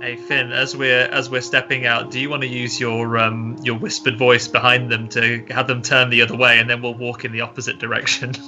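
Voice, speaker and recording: A man's voice: mid-range voice, monotone, fairly quick, hardly any pauses. Man, tabletop player, eager planning talk, music behind, dull lo-fi. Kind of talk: casual tabletop play.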